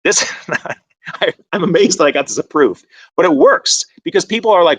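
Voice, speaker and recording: A man giving an online conference presentation in a conversational, animated way, with frequent fillers. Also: high voice, normal speed, breathy edge, no room sound.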